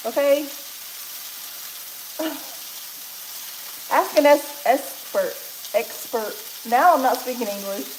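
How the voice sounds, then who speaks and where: Kentucky lady livestreaming from her kitchen, kinda high voice, chatty, pan sizzling faintly behind. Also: lively intonation, drawn-out words, long pauses, slight background noise. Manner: chatty, laughs often, reads out viewer comments. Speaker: livestream cooking host. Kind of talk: casual livestream chat while cooking. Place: home kitchen.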